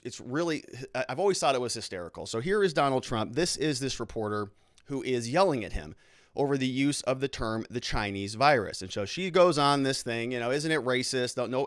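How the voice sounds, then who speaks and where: A man's voice: mid-range voice, dry recording. Chatty male lawyer hosting commentary, dry sound. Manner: animated, self-interrupting, restarts often. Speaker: lawyer and show host. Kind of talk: casual legal commentary.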